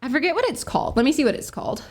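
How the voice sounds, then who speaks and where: A woman's voice: sits high, lively intonation, rapid-fire. A young woman streaming a cozy game, chatting casually, bubbly and giggly, often apologizing to her characters. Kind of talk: casual gameplay chat.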